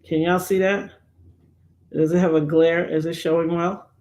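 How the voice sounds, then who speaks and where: A middle-aged woman hosting a livestream, chatting casually and telling animated stories while acting out the voices she quotes. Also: on the low side, normal speed. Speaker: livestream host. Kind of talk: casual storytelling chat.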